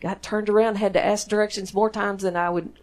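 A woman with a Texan drawl delivers a sermon from the front of a church. She talks in a warm-hearted conversational way, tossing questions out to the congregation. Her voice sits in a middle register for a woman. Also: mid-range voice, fairly even intonation, brisk. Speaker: preacher. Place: church sanctuary.

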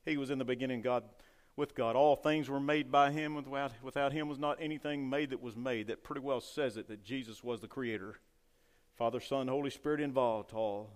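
A man preaching a sermon with fervor, rising loud and dropping to a hush. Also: medium pitch, fairly even intonation, a little fast. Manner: fervent preaching, swings between loud and hushed. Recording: long hall reverb.

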